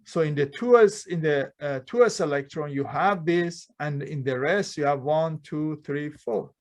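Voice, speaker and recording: A man lectures a chemistry class in a slightly higher-than-average voice. He keeps tossing questions at the room and answering them himself, dropping plurals and articles as he goes. The delivery is conversational classroom teaching. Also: a little slow. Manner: quizzes students with frequent rhetorical questions; non-native grammar, dropped plurals and articles. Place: lecture hall.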